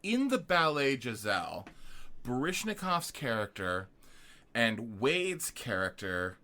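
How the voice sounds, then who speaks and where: A man's voice: mid-range voice, big pitch swings, takes it slowly, pushed and bright. A man co-hosting a podcast, retelling a film's plot in loose, chatty casual talk. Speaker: podcast co-host. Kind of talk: casual film-review chat.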